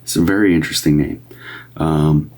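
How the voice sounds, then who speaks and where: A man's voice: very deep voice, fairly even intonation, moderate pace, darkish tone. A man doing live medium readings on a stream, talking casually and rambling with many fillers and restarts. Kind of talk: casual livestream talk.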